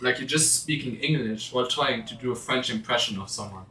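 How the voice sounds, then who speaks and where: A man's voice: mid-range voice, fairly quick, bright, forceful tone. Teasing man in an echoey room. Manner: teasing, restarts often. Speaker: co-streamer. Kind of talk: casual chat.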